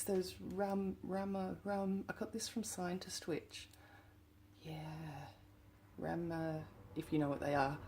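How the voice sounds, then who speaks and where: Excitable Australian woman, low and unhurried. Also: creaky, noisy background. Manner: excitable, exclaiming over found items, drifting into whispers. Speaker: witch shop owner vlogger. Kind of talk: casual chat while tidying.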